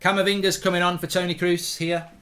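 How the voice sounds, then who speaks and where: Male host, slightly high voice, live football watchalong, reads chat, opinionated. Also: flat delivery, sharp tone. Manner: reads viewer comments aloud and answers them; chatty, opinionated, quick asides.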